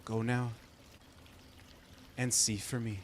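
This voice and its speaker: A man voicing a gentle, motherly former queen who speaks softly and tenderly. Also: medium pitch, little pitch movement, takes it slowly, a little hiss or hum, close to an everyday voice. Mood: solemn.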